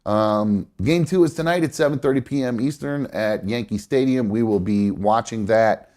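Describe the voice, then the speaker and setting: A man's voice: medium pitch, normal speed, darkish tone. A man hosting a live show, chatting casually about baseball with lots of fillers and restarts, his nose stuffed up. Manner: rambling, many fillers and self-corrections. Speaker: host.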